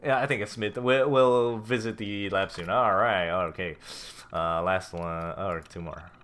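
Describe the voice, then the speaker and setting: A man casually commenting on a game as he plays, reading notes aloud, swearing and reacting loudly. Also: on the low side, fairly even intonation, measured pace. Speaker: gameplay streamer. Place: home room with a cat.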